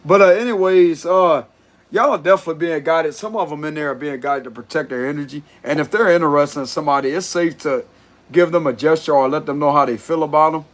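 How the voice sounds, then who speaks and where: A man talking through a tarot reading in a loose, blunt way, with plenty of swearing and chuckling. His voice sits on the higher side for a man. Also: fast talker. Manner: blunt, profane, laughs often. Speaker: tarot reader. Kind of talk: casual spoken tarot reading.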